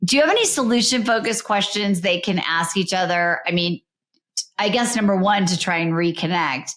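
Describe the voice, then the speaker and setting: A woman's voice: on the low side, normal speed, a bit bright. A woman hosting a podcast, chatting in an enthusiastic, rambling way. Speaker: podcast host. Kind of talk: casual interview chat.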